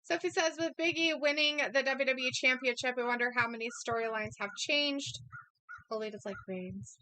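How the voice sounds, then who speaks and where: A woman's voice: sits high, normal speed, sharp tone, clean tone, dry recording, poor audio. A woman co-hosting a casual live watch-along stream, laughing often as she reads viewer comments aloud. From Idaho, USA. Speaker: co-host reading chat comments.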